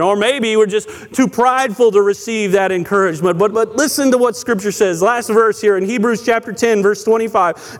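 High-voiced pastor preaching in a hall. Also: male voice. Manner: conversational preaching with storytelling and frequent restarts. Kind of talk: sermon.

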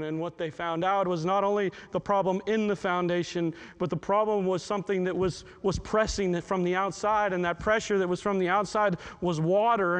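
High-voiced emotional man preaching. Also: smooth. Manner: repeats words and restarts often, emotional and heartfelt. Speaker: pastor. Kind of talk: sermon.

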